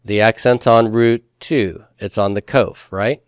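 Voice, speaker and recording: A man's voice: on the low side, fairly even intonation, a little slow, smooth, dry recording, clean studio sound. A man teaching a grammar class in a patient, step-by-step way. He has the students repeat forms after him and uses folksy comparisons. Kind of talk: classroom lecture.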